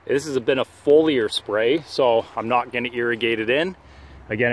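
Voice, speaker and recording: A man getting over a cold, with a nasal voice, giving a casual outdoor how-to walkthrough of his sprayer and lawn, halting with many fillers. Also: mid-range voice, fairly bright tone. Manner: halting, many "uh" fillers, practical and matter-of-fact. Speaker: turf care professional vlogger. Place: outdoors in a yard and at the pump.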